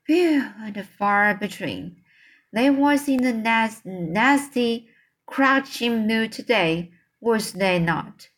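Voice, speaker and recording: A woman reading a children's book aloud, voicing a huge gentle old male giant who talks slowly and mixes up his words. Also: fairly high pitch. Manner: slow, drawn-out speech with jumbled words.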